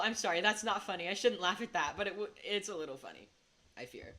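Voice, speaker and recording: A woman streaming a game, rambling and giggling, swinging between hushed mutters and excited outbursts. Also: medium pitch, fast talker. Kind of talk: casual gaming commentary. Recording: steady background noise.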